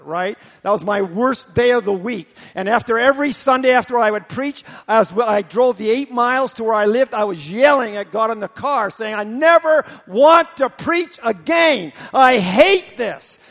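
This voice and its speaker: Pastor preaching, high and animated, long echo of a large hall. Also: male voice. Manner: animated storytelling, repetitive. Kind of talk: sermon.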